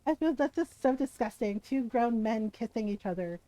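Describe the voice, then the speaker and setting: A woman streams a game from home, her warm, expressive, higher voice moving at a normal pace. She tells a story casually, often asking "right?" and laughing; she's a mother, and faint game music plays under the poor but echo-free audio.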